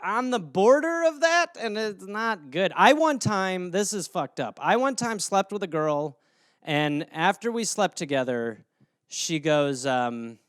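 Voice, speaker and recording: A man's voice: high-pitched, very animated, measured pace, a bit bright, smooth, no room sound, clean studio sound. A man in his thirties hosting a solo comedy podcast, ranting and acting out silly scenes with lots of swearing. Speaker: podcast host.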